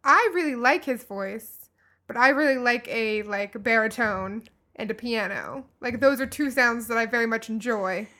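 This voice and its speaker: A woman's voice: on the high side, normal speed, pushed and bright. A woman co-hosting a casual music podcast, chatting with many ums and restarts. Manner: hesitant, lots of ums and restarts. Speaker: podcast co-host.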